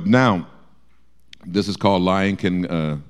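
A man teaching a Bible study, explaining verses and acting out quotes in a lively way. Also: sits low, takes it slowly, clear, resonant tone. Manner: lively, acts out quotes with shifting voice.

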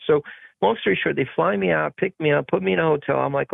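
Male actor guest, gravelly and husky, animated storyteller who acts out other voices, dry phone-like audio. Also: a little high, quick pace, no room sound. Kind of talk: casual storytelling interview. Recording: tinny phone-like podcast audio.

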